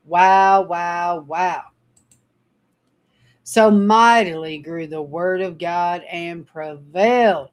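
Slow-reading woman Bible study teacher. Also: lowish voice. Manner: chatty, laughs often while telling stories. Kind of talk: livestream Bible reading and storytelling.

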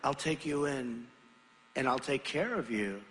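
A man's voice: medium pitch, measured pace, a bit bright, natural voice. A man voicing a tender-hearted, trusting woman in a recited poem, heard with a long echo from a large venue. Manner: gushing, then pleading.

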